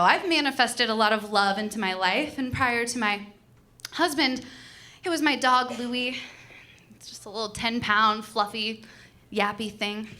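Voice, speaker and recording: A young adult woman doing a stand-up comedy set on a comedy club stage, telling a story and putting on lively voices for the people in it. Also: fairly high pitch, slight background noise. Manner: storytelling, animated character voices.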